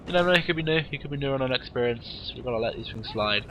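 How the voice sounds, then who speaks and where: A man with a cold, casually commentating a game replay in a warm room at home with wry, rambling asides. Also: medium pitch, lively intonation, rapid-fire, muffled recording, slight background noise. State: has a cold, sniffly.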